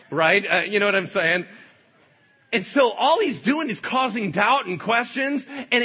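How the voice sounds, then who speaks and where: A male pastor preaches with a wide-ranging, animated delivery, slipping into playful voices as he explains. His tone is bright with a husky edge, and the recording sounds dull and lo-fi. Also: sits high. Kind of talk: sermon.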